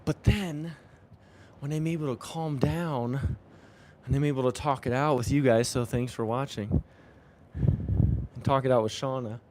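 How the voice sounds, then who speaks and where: Man, young adult, earnest reflective vlog, repeats phrases, mellow voice, outdoors on a bike. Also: mid-range voice, fairly even intonation, a little slow, a little hiss or hum. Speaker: vlogger. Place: outdoors in the rain, riding a bike.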